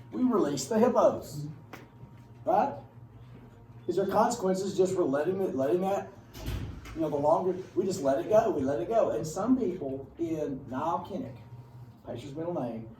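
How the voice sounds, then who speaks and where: A man teaching history to a class, talking loosely and breaking off into wry, joking asides. His voice is a touch higher than most men's, with a mellow, dark tone. It is picked up from across an echoey classroom with a faint hum of room noise. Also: recorded from a distance. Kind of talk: casual classroom lecture. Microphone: far camera.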